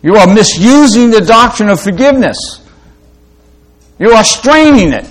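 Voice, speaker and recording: A man preaching a sermon in a halting way, with many fillers and restarts, slowing down to read scripture aloud. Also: high-pitched, big pitch swings, low-quality recording.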